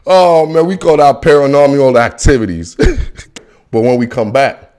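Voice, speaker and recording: A young man hosting a football show, ranting animatedly in slangy casual talk, with shouts and laughter. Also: mid-range voice, slow, pauses often, clear, resonant tone. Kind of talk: casual solo sports commentary.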